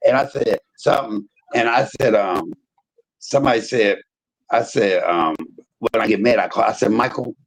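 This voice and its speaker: A man with a low, husky voice tells stories in casual livestream chat. He gets animated and quotes people with sudden high jumps in his voice. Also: normal speed, low-quality recording. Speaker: livestream host.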